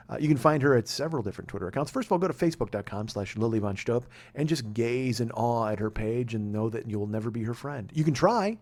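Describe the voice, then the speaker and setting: Fast-talking exasperated comedian host. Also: male voice, medium pitch, darkish tone. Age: 40s. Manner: profane, exasperated, self-mocking. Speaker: podcast host. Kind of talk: comic storytelling monologue.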